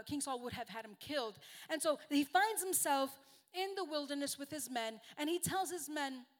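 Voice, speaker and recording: A woman with a high, bright-pitched voice delivers a sermon in a chatty, earnest way. She is a native Spanish speaker and pokes gentle fun at herself as she talks. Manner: earnest, conversational, self-deprecating. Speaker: guest preacher.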